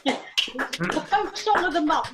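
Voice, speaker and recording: A woman's voice: high-pitched, sing-song, takes it slowly, very noisy. A woman at a folk club video call session, chatting in a self-deprecating way and laughing easily before and after her song. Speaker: club member performing a song. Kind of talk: casual chat on a video call. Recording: dull lo-fi video call audio.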